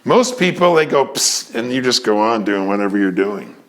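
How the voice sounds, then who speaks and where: Animated older man telling stories. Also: on the low side, a little fast. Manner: animated, acts out voices in quotes. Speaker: storyteller. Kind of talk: casual storytelling talk.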